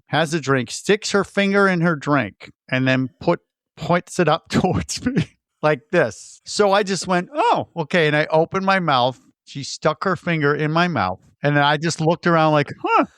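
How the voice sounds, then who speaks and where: A man co-hosting a casual movie podcast, his voice sitting a little high. He tells animated stories and acts out scenes and sound effects as he goes. The recording is dry and close. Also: normal speed, dry recording. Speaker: podcast co-host.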